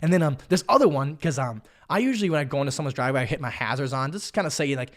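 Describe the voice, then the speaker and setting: A man tells a story in a comic podcast monologue, animated and excitable. He swears freely. His pitch leaps high and drops low all the time. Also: very fast. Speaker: podcast host.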